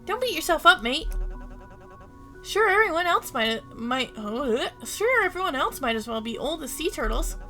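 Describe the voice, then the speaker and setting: A bright, high-pitched little pirate captain, cocky and full of sailor slang, as a woman streamer puts him on. He talks big for a kid, from a story-driven video game. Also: big pitch swings, moderate pace, soft background music, heavily acted. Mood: boastful. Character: cheeky young pirate boy captain.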